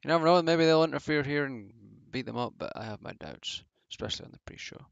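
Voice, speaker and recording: A man's voice: on the high side, expressive, fast, vocal fry, no room sound. A man giving casual solo commentary as a wrestling reviewer, rambling and offhand with many fillers. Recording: dull lo-fi home mic.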